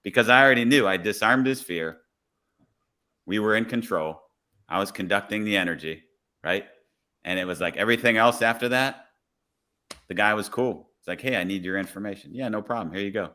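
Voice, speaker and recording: A man who is a police officer, a guest on a podcast, telling a story in a relaxed way and acting out the dialogue. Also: lowish voice, brisk, long pauses. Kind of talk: casual podcast conversation, storytelling.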